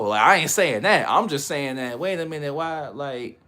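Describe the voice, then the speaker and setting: Bright-voiced rambling male streamer. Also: fairly high pitch, lively intonation, normal speed. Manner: rambling, slangy, laughs often. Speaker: livestreamer. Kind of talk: casual livestream chat.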